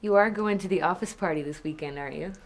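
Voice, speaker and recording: A woman acts in a scripted learner dialogue for a lesson video, playing a chatty office worker who is upbeat and laughs often. Her voice is on the low side and close to an everyday voice, and she talks fast over soft background music.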